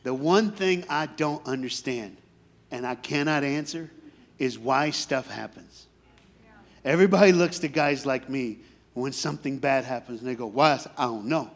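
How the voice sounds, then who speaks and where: A man preaching a sermon in a storytelling way, dropping to quiet asides and then rising to loud, shouted preaching. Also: medium pitch, moderate pace. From grew up in foster care. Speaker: guest preacher.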